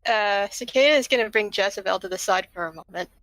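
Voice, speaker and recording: A woman's voice: medium pitch, quick pace, fairly bright tone, dry recording, poor audio. A woman narrating her character's actions in a casual tabletop role-play game. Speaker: player.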